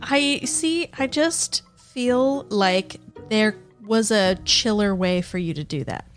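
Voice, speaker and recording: A woman co-hosting a podcast, reacting quickly and teasing her partner in casual chat. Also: medium pitch, animated, faint music behind. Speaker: podcast co-host.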